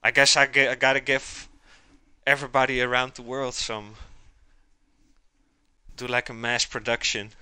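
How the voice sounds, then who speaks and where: A man's voice: mid-range voice, little pitch movement, unhurried, pauses often, sharp tone, clean tone, no room sound. A man chatting casually to his live chat while he cooks, rambling as he goes. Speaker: streamer cooking live.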